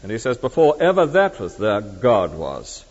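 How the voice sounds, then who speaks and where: A middle-aged man preaching a sermon in a conversational, animated way that swings between emphatic and hushed. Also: lowish voice, normal speed, husky. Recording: dull reverberant hall recording.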